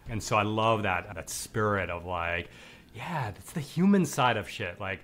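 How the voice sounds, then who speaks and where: A man hosting a podcast in a loose, enthusiastic way, often dropping in "like" and the odd swear. His voice sits a little low. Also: lively intonation, measured pace, a bit bright, slight background noise. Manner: enthusiastic, loose, swears casually, many "like" fillers. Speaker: podcast host. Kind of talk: casual podcast chat.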